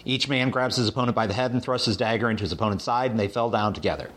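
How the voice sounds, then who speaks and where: A man's voice: mid-range voice, very fast. A man leading a conversational Bible study, retelling a story with lots of fillers and restarts. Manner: animated retelling with hesitant fillers. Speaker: Bible teacher.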